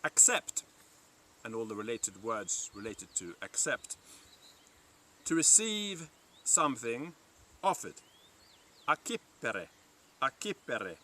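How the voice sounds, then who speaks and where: A man with a bright, clear voice leads a Latin vocabulary lesson, saying each word slowly and repeating it so learners can follow. A faint hum of outdoor noise sits behind him. His pitch stays in a middle range. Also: very animated. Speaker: Latin teacher. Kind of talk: vocabulary lesson reading from a dictionary. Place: parked by a roadside in a river valley, outdoors or in a vehicle.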